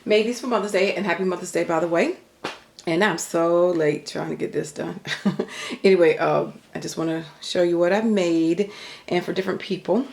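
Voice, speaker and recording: Talking fairly quickly in a low, slightly mellow voice with vocal fry, a middle-aged craft YouTuber rambles through a casual show-and-tell. She's a bit winded, uses lots of fillers, and films from behind the camera at her home craft table, with slight background noise.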